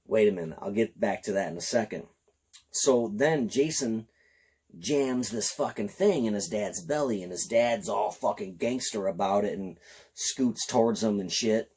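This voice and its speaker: A slightly tipsy man giving an excited, profane, rambling film review. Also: lowish voice, moderate pace, husky.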